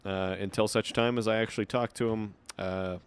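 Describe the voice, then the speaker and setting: A man's voice: fairly low pitch, fairly even intonation, moderate pace, clear, resonant tone. Man chatting through a game stream. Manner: rambling, reads in-game notes aloud. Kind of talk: casual gameplay commentary.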